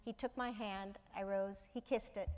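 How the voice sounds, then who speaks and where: A woman, an actress, telling a lively anecdote in conversation, laughing often and repeating words as she talks. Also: mid-range voice, moderate pace. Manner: animated, laughing storyteller who repeats words.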